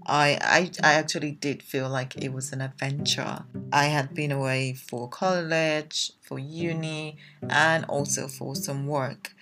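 Low-voiced Nigerian woman podcasting frankly. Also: flat delivery, measured pace. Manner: frank, chatty, lots of ums. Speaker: podcast host. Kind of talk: casual personal monologue. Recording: guitar music playing behind.

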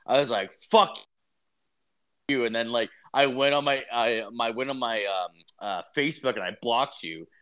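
A young man rattling through a story on his podcast, swearing in nearly every line. He keeps restarting his sentences and jumps into a louder, higher voice to act out what people said. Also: normal speed, hardly any pauses, smooth. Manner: rambling, swears constantly, acts out quotes in raised voice. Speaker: podcast co-host. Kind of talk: casual profane chat.

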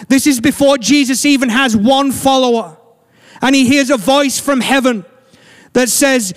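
A man preaching a sermon as pastor, earnest and slowing down to stress key lines. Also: very high voice. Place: church sanctuary. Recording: long church hall reverb.

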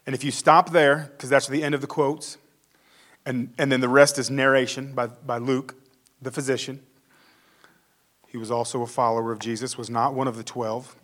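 A man's voice: mid-range voice, steady tone, normal speed, fairly bright tone. A male pastor giving a conversational sermon, acting out the quotes he reads.

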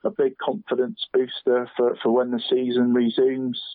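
A man's voice: medium pitch, monotone, moderate pace, dry recording. A man co-hosting casual local football chat, rambling and friendly, saying "mate" every few words and laughing often. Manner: chatty, says "mate" constantly, laughs often. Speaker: co-host picking team of the week. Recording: dry tinny phone-line sound.

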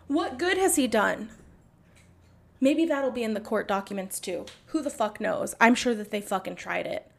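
A woman's voice: fairly high pitch, animated, normal speed, vocal fry. Angry, blunt woman ranting with profanity. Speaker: podcast host. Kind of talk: angry monologue.

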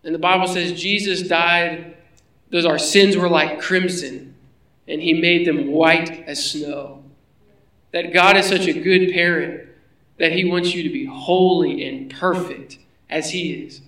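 A man's voice: sits high, fairly bright tone, roomy sound, recorded from a distance, rough recording. A man preaching a sermon in a conversational way, asking his listeners rhetorical questions. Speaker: pastor.

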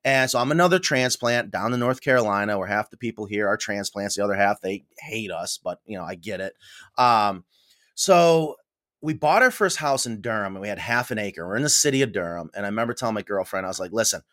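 A middle-aged man from New York State, a podcast guest telling stories in a casual, animated way and acting out the voices he quotes. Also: on the low side, fairly quick. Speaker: podcast guest, coop builder. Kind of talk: casual storytelling interview.

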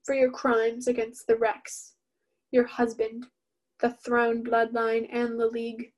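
A woman reading the part of a cruel ruling father who hands down death sentences with mock sorrow, in a flat, level voice. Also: a little high, a little slow. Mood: solemn. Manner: solemn, mock-sorrowful pronouncement.

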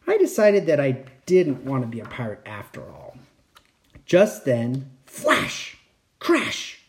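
A reader narrating a children's picture book aloud, expressive and acting out the sound effects. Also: medium pitch. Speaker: storybook reader.

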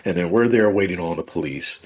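A man, a podcast guest, telling a personal story in a relaxed, rambling way with many fillers. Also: low voice, fairly quick, slightly rough. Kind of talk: casual conversational storytelling.

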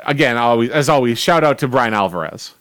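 A man's voice: mid-range voice, lively intonation, brisk, a bit bright, no echo, clean studio sound. A man co-hosting a podcast, chatting casually through his notes on old wrestling shows, with lots of fillers and restarts. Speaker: podcast co-host.

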